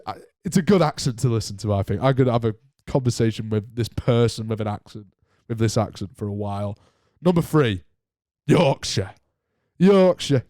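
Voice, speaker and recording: A man's voice: medium pitch, a little mellow, no echo. Young bloke rambling on his podcast, laughs at himself a lot, dry close sound. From north of England. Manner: rambling, self-mocking, often laughing. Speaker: podcast host. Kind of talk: solo podcast chat.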